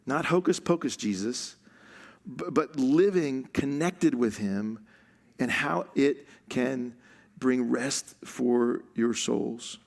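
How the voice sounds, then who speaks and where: A man's voice: medium pitch, slow pace, gravelly. A man preaching a sermon as pastor, conversational and light, laughing often and drawing out words for emphasis. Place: church stage.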